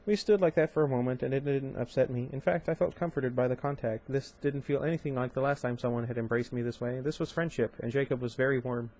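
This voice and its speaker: A man's voice: mid-range voice, fairly even intonation, quick pace, hardly any pauses, a little mellow. A young man reading a novel aloud on his channel, breaking off into casual, chatty asides with fillers and restarts. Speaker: audiobook reader and channel host. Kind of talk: amateur book reading with commentary.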